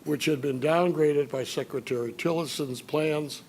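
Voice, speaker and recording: An older man from Chicago giving an after-dinner speech, telling anecdotes with dry humor and filler pauses. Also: on the high side, a little mellow, a little hiss or hum. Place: banquet hall at a dinner event.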